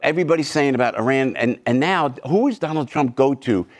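A man telling rapid comic bits and doing quick impressions. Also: mid-range voice, animated. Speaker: comedian guest. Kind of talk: comic banter.

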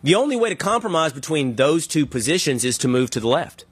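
A man hosting an interview, laying out his argument slowly with analogies and asking his guest to respond. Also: fairly high pitch, big pitch swings, husky, dry recording. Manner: thoughtful, builds arguments with analogies. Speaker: podcast host. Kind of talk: conversational interview.

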